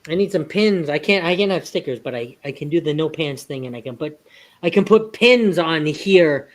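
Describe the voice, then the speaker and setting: A woman co-hosting a livestream, chatting casually and giggling, often excitable. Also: low-pitched, moderate pace. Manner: giggly, excitable, talks over others. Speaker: co-host.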